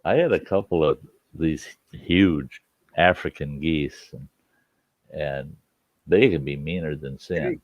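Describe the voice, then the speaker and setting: A man's voice: rumbling low, takes it slowly, no echo. A man hosting a late-night live stream. He tells stories in casual chat, laughs often and swears freely. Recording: dull lo-fi stream audio.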